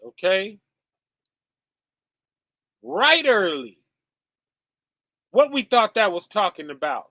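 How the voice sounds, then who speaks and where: High-voiced, slow-talking man preaching casually. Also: big pitch swings, sharp tone, dry recording, studio quality. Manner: conversational, often ending with "right?" and "okay?"; addresses listeners as "y'all" and "fam". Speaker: streaming preacher.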